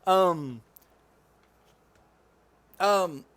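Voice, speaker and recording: A man voicing a nervous, stammering low-rank sergeant who keeps apologizing. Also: extremely slow, a bit bright, exaggerated voice. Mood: flustered.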